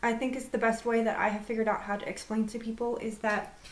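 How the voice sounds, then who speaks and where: A woman's voice: fairly high pitch, level tone, fast. A woman who practises Reiki, talking candidly to camera and stretching out the words she wants to stress. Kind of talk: personal talk to camera. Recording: roomy echo.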